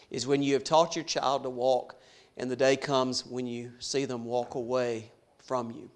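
A man preaching a sermon, swinging from hushed to loud and slowing down on key words. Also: medium pitch. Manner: dramatic swings from soft to loud, slows for emphasis.

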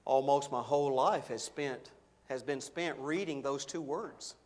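A middle-aged man preaching a sermon, slowing and swelling on key words for emphasis. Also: mid-range voice, a little mellow. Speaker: pastor.

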